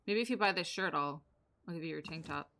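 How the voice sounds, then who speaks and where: A woman's voice: low-pitched, quick pace, bright, forceful tone. A young woman streamer giving casual, sarcastic live commentary as she plays a game and banters with her chat.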